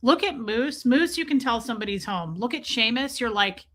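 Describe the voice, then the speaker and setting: A woman on a casual live stream, rambling to her viewers about her pets. She talks in a bright, fairly high voice, swears freely and slips into goofy voices for her cats. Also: expressive, moderate pace. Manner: chatty, profane, voices her pets in silly asides.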